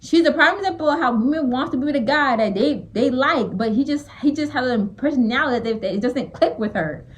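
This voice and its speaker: A woman records casual reaction commentary for her channel. She rants bluntly in a fairly high voice that swoops up and down. She keeps restarting and repeating her phrases as her irritation builds. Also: animated, brisk, few pauses, rough recording. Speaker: small YouTuber reacting to a reality show.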